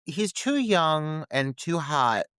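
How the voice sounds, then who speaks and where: A man co-hosting a podcast, giving relaxed, wry commentary on a film with plenty of filler words. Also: a little high, slow pace, clean tone, dry recording. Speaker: podcast co-host. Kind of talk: casual film discussion.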